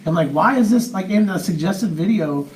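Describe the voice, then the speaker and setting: Dad rambling with lots of restarts, echoey room, off the mic a bit. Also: male voice, high-pitched, animated, moderate pace, a little mellow, recorded from a distance, slight background noise. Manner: rambling, hesitant, many restarts. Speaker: parent and event partner. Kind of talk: comment from the audience. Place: large room with an audience.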